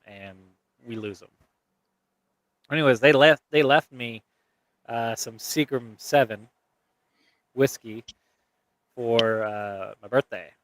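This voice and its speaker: A man on a podcast, mid-pitched, spinning a long, rambling story full of swearing and laughter. He sounds close and dry, with no room behind him. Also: no echo. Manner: rambling, profane, laughs through his story. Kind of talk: casual storytelling chat.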